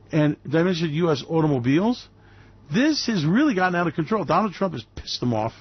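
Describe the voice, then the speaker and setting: Sarcastic, repetitive talk radio host: a man with a husky, dry-recorded voice. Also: a little high, very animated, quick pace, dry recording. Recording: muffled lo-fi recording.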